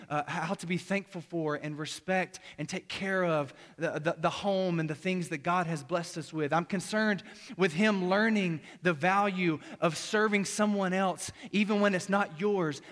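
A man's voice: high-pitched, fairly bright tone. A man in his thirties preaching a conversational sermon as a young adult pastor, acting out exchanges with his young son. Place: church auditorium. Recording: long reverb of a large hall.

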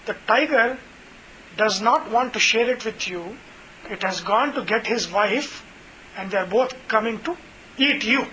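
A sly, plotting fox, as a man tells it, in a fable told aloud. The voice sits high and bright, and the talk stays light and conversational. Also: lively intonation, unhurried, a little hiss or hum, exaggerated voice, low-quality recording. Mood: scheming. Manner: storytelling tone, conversational. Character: cunning scheming fox, male, sly.

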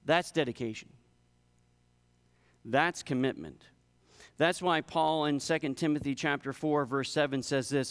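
Man preaching, voice a bit high and smooth, slows down to hit the big points, echoey church hall. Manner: preaching, building in intensity and slowing for emphasis. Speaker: pastor. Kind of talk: sermon.

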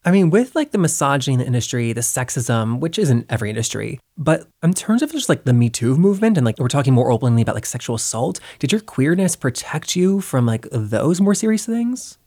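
A man's voice: medium pitch, very animated, a little fast, hardly any pauses, a little mellow. A man hosting an interview, asking curious questions in a casual way, often filling in with "like". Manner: curious, fills in with "like" a lot. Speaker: interviewer, podcast host.

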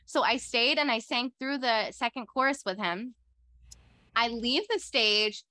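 A young woman tells a story in a relaxed, chatty way, her voice bright and a little high. She is excitable and fills her sentences with "like". The sound is close and dry, with no room echo. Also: a little slow. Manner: excitable, heavy use of "like" fillers. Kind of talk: casual conversational storytelling.

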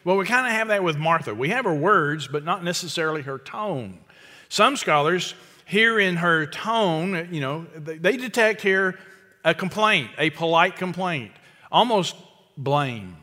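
Male pastor, sermon delivery, slightly high and crisp, chatty and emphatic, restarts often. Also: expressive, normal speed, bright, forceful tone. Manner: conversational, emphatic, with frequent restarts. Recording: long hall reverb.

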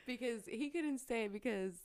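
A woman's voice: on the high side, clear, resonant tone. A young woman telling a personal story in casual chat, laughing often, swearing freely and saying "like" constantly. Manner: laughs often, swears a lot, peppers speech with "like".

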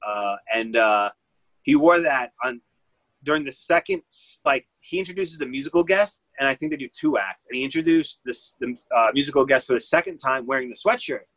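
A man's voice: medium pitch, brisk, fairly bright tone, no room sound, low-quality recording. Chatty man. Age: 30s. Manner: rambling, heavy use of "like", acts out quotes. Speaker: vintage clothing store owner. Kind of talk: casual interview storytelling.

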